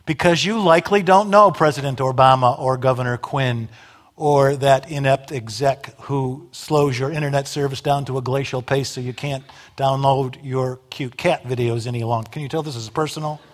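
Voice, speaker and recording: A man's voice: medium pitch, steady tone, moderate pace. A man preaching a sermon, emphatic, with dramatic rises and drops in volume and wry asides. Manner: wry humor.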